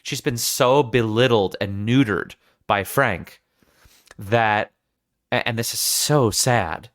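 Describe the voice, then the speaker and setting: A man's voice: lowish voice, slow pace, fairly bright tone, dry recording, studio quality. A man hosting a podcast, talking through a film scene in earnest, analytical casual chat, often restarting his sentences. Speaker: podcast host.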